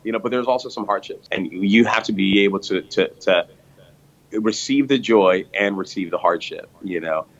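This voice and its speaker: Earnest guy pastor telling his story, lowish voice, kinda dull lo-fi audio. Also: normal speed. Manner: earnest, frequent restarts and repeated words. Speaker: pastor and church planter. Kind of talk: storytelling interview answers.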